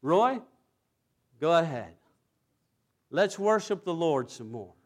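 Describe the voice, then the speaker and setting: A preacher delivering a sermon in an emphatic manner, swelling to loud exclamations of praise. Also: mid-range voice, big pitch swings, takes it slowly.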